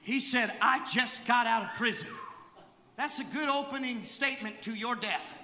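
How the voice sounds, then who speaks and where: A young male evangelist preaching a storytelling sermon, moving from hushed asides to shouted exhortation. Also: very high-pitched, normal speed, background noise. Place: large church sanctuary. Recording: echoey hall with crowd.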